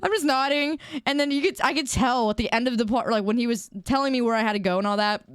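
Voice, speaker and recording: Young female streamer, casual chat, giggly and self-mocking, clear voice, dry close sound. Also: on the high side, quick pace, no room sound. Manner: chatty, giggly, self-deprecating storytelling.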